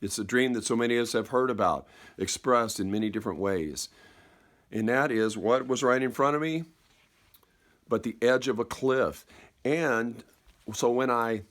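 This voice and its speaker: A man telling a personal story in a slow, reflective way, halting and repeating words and dropping softer at key moments. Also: medium pitch. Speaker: speaker.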